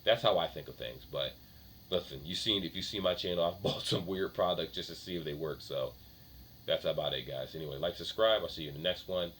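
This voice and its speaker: A man's voice: low voice, a little fast, fairly bright tone, slight background noise. A man talking casually in a tech vlog, chatty and offhand, often correcting himself. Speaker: tech vlogger.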